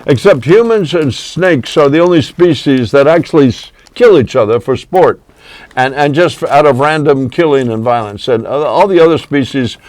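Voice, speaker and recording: A man's voice: on the high side, animated, normal speed, a little mellow, dry recording, poor audio. A man who is a poet and musician, reciting a poem, then giving earnest, rambling answers as a guest who talks over the host. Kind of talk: reciting a poem, then casual interview talk.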